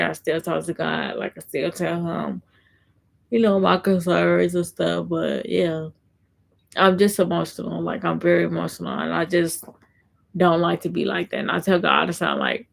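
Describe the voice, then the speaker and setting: Woman vlogger, gravelly fry in her voice, rambling live-stream chat full of fillers. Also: fairly low pitch. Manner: rambling and repetitive, heavy fillers.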